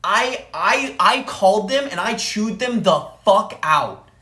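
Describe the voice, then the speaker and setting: Ranting woman streamer, lively pitch. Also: takes it slowly, roomy sound. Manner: angry, profane ranting with repeated phrases. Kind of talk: ranting live-stream story.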